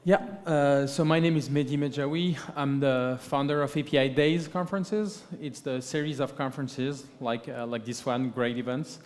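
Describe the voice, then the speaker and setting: A man's voice: mid-range voice, steady tone, normal speed, hardly any pauses. A man speaking as a guest at a conference, with a hesitant delivery full of fillers, often ending points with "right?". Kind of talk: conference panel talk. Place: conference stage in a large hall. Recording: long hall reverb from a PA.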